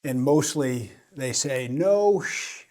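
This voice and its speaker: An American man in his forties with a faint Boston accent, chatting as a guest. He is direct and emphatic, and he often restarts his sentences. His tone is mellow and dark. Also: medium pitch, expressive, slow pace. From Boston, USA. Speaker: guest, private equity banker. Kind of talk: casual podcast chat.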